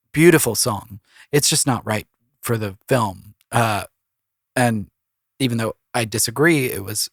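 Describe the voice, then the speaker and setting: Gravelly-voiced man with a cold. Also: medium pitch, a bit bright, dry recording, studio quality. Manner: loose, rambling advice with many fillers. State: has a cold, voice deeper than usual. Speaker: composer and podcast host. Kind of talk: casual solo podcast talk.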